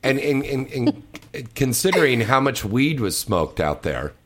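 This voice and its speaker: A man's voice: medium pitch, very animated, measured pace, a little hiss or hum. A man hosting a loose, joking talk show chat and teasing his guest. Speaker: host.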